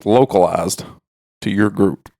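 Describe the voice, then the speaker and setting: Low-voiced man, teasing. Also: slow pace, gravelly, warm tone, no room sound. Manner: teasing, dry comebacks. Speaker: podcast co-host. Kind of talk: casual chat. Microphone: studio microphone.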